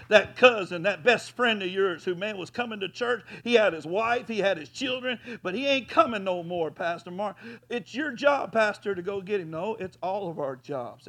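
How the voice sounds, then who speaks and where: A man preaching a folksy sermon as pastor, rising at times to loud hollers. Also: high-pitched, creaky.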